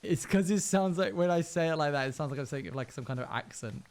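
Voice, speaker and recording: A man's voice: a little high, animated, fast talker. A male live streamer chatting casually and playfully, often humming and scatting between remarks. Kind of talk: casual chat while gaming on stream.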